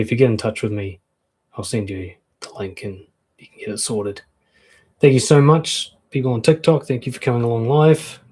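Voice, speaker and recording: Man, relationship coach, husky low voice, frank live-stream advice, casual swearing. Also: a little mellow. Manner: frank, conversational, acts out quoted comebacks.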